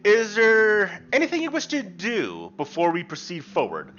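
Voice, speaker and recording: A man leads a tabletop game and explains rules in a loose, rambling way, full of fillers. His voice is bright and moves a lot in pitch. The voice chat sounds muffled, with faint music underneath. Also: huge pitch swings, moderate pace, slight background noise. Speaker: game master. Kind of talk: casual rules explanation and narration. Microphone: online voice call.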